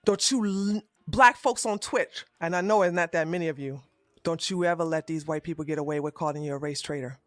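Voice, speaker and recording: A woman's voice: deep voice, fairly quick, no echo, soft background music. A woman streamer giving heated live-stream commentary in a profane, fiery rant, recorded at a home streaming setup.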